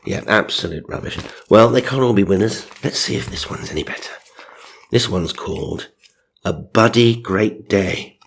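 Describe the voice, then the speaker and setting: Low-voiced man, dry sardonic comic narrator, wry asides. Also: expressive, moderate pace, creaky, a little hiss or hum.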